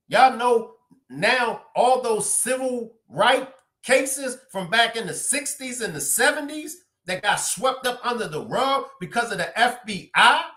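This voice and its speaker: A man giving heated live-stream commentary, repeating himself and swinging from loud outbursts to low muttering. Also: roomy sound.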